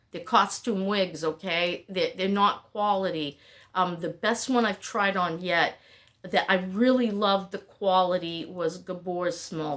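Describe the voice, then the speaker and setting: A woman's voice: fairly low pitch, a bit bright. A middle-aged woman talking to her camera at home, rambling and chatty. She wanders from thought to thought and interrupts herself as she goes. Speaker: vlogger. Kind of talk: casual talking-head chat.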